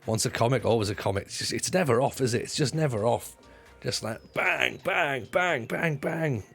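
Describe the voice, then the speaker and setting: With faint music behind him, a man who used to do stand-up chats jokily with viewers on his livestream, cursing freely and often starting sentences over. His mid-range voice is animated, creaky and fairly bright, at normal speed.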